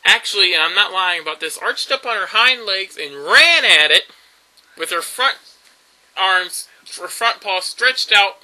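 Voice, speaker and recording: Animated bright-voiced man. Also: sits high, a little slow, low-quality recording. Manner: rambling storytelling with fillers and laughs. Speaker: YouTube vlogger. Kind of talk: casual vlog monologue.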